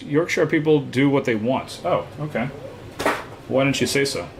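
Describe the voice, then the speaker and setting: A man's voice: medium pitch, moderate pace, creaky, noisy background. A man hosting a live card break, chatting casually and teasing viewers, with lots of "uh" fillers. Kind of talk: casual live-stream chat.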